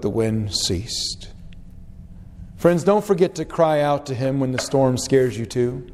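Earnest preacher man in a reverberant hall. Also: a little mellow. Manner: earnest, dramatic scripture reading with wide pitch swings. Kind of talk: sermon.

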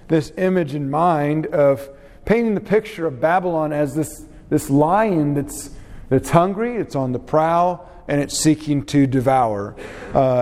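A man teaching a Bible class in an unhurried way, often pausing with "uh" fillers. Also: mid-range voice, dark tone. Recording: long reverb in a hall.

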